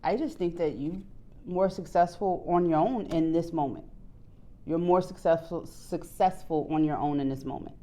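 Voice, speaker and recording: A woman doing a casual tarot reading to her viewers, candid and profane, jumping between quiet low asides and loud excited outbursts. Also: normal speed. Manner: candid, swears freely, bursts into laughs. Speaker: tarot reader.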